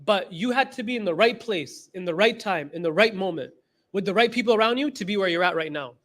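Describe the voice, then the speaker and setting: A man with a high-pitched voice teaches a class as a religious instructor. He drives his points home by repeating key phrases. He acts out the stories he tells with quoted back-and-forth. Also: expressive, fast talker, a bit bright. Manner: retells stories with quoted dialogue. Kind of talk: class lecture.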